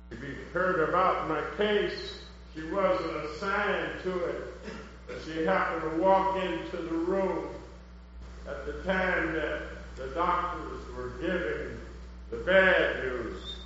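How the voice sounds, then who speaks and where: A male preacher delivers a fervent sermon and personal testimony, lingering slowly over each phrase before swelling into emphatic cries. His voice is caught with a dull, muffled tone and carries a long reverberation from the church hall around him. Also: fairly high pitch, bright, forceful tone, a little hiss or hum.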